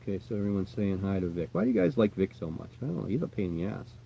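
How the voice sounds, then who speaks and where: An American man chatting casually on a livestream as a tarantula keeper, rambling and reassuring, often trailing off quietly. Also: deep voice, racing, gravelly, a little hiss or hum. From United States. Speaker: tarantula keeper answering live chat.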